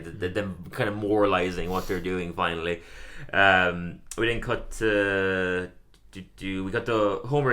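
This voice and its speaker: Bright-voiced chatty podcast man. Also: fairly low pitch. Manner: chatty, laughs often, acts out quoted lines. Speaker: podcast co-host. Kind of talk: casual episode recap.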